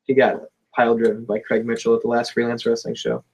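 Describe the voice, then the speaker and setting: A man's voice: medium pitch, monotone, fast talker, darkish tone, breathy edge. A young man hosting a casual talk show, joking around and reading out viewer comments. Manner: joking, reads chat comments aloud. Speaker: podcast host. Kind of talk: casual chat.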